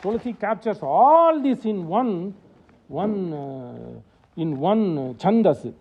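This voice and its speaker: A man's voice: high voice, sing-song, slow, husky, dull audio. A man giving a devotional scripture lecture at a temple, chanting verses in a singsong way and explaining them in English. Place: temple hall.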